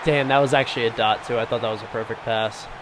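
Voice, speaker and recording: A young man giving casual, excitable commentary over a football video game, swinging between hype and grumbling. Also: medium pitch, quick pace. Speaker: gaming YouTuber. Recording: noisy background.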